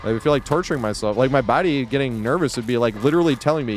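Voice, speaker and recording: A man streaming games and chatting casually, rambling with lots of fillers and quick laughs. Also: mid-range voice. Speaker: game streamer. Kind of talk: casual live-stream chat.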